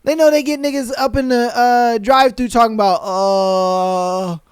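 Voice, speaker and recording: A man hosting a podcast, reading out listener stories and cracking up at them. His voice is smooth and clear, recorded close and dry with no room sound. He talks in loose, profane slang and keeps slipping into quick impressions of the people in the stories. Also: extremely high pitch, dry recording. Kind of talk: casual podcast commentary.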